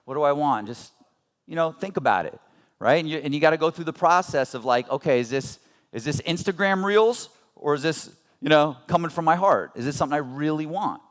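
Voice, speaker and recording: This man in his thirties speaks briskly in a fairly high pitch as a motivational speaker at a business seminar. He is earnest and conversational, throwing rhetorical questions at the audience.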